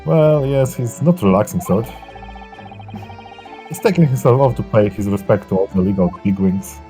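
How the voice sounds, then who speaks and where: A man voicing a busy, genial middle-aged male professor in a lowered, unhurried voice during a live game reading. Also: mellow, faint music behind, natural voice.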